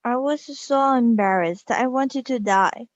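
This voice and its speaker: Woman, first language Korean, reading a storybook aloud; slow and careful, dull, dry sound. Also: fairly high pitch, no room sound. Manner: slow, careful, with small restarts. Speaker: reader.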